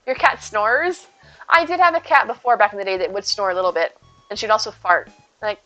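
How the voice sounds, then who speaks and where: A woman's voice: mid-range voice, brisk, fairly bright tone, highs cut off, soft background music. Chatty woman streamer cooing over cats. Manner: chatty, answers viewers, coos at her cat. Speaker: live streamer. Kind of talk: casual live-stream chat while gaming.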